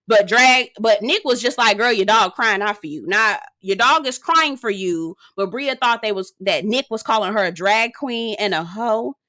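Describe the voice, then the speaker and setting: Brief: young woman, bright and slightly high voice, sassy profane recap host. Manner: sassy, profane, dramatic asides. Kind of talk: casual recap commentary.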